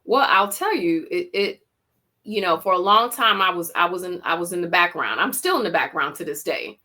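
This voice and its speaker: A woman's voice: lowish voice, expressive, normal speed, pushed and bright. A woman with a Jamaican accent, a teacher telling her story as a podcast guest, reflective with frequent restarts. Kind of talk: podcast interview.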